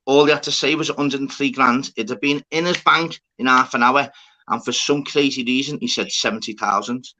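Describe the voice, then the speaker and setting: A man's voice: medium pitch, fairly quick, pushed and bright. A man telling a sweary story in casual chat. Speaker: host.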